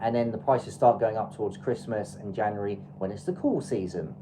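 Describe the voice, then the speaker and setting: Very deep-voiced English woman, chatty. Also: a little fast, dark tone, a little hiss or hum, rough recording. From England. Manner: chatty, advice-giving, loose with fillers. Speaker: travel livestream host. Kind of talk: casual livestream chat.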